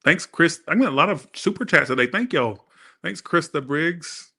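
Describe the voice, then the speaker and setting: A man's voice: a little high, animated, moderate pace, gravelly, pushed and bright, breathy edge. A man doing a casual, chatty live-stream tarot reading, thanking viewers and swearing freely. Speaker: tarot reader.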